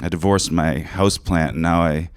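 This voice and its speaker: A man's voice: deep voice, steady tone, normal speed, clear, resonant tone, no echo. A man doing a crude, rambling stand-up set in a small studio, often laughing at his own jokes. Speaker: stand-up comic. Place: small cable access studio stage.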